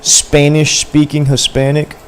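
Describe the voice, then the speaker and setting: A man's voice: a little high, monotone, measured pace, clean tone. A young man livestreaming, chatting casually and rambling in slang to his viewers. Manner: rambling, slangy, talks to chat. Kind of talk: casual stream chat.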